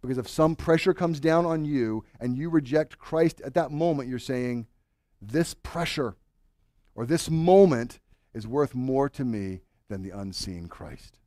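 A married man preaching a sermon to his congregation, swinging from loud urging to hushed, earnest questions. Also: mid-range voice, a little slow, no room sound, studio quality. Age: adult, married with children. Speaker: pastor.

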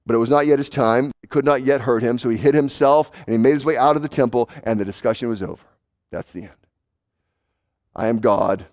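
Talking at a quick pace, a man delivers an emphatic sermon as a pastor. He alternates between urgent, raised passages and quiet, low-intensity moments, repeating words for emphasis.

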